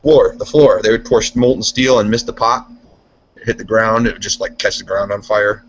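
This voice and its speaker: A steel mill worker, guesting on a casual chat, tells rambling, foul-mouthed anecdotes in a fairly low voice with a steady tone at normal speed. The podcast audio is dull, muffled and lo-fi, with a little hiss or hum.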